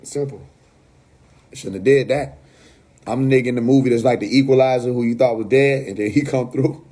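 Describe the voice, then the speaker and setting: Livestream host, New York man, husky tone, blunt and profane, casual rant on a phone mic. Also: medium pitch, fairly quick, mellow. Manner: blunt, profane, laughing asides.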